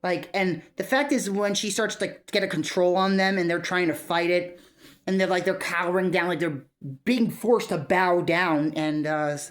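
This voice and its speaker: Rambling woman with a lowish voice. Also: normal speed. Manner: rambling, many fillers, light chuckles. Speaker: video creator. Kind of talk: casual commentary vlog.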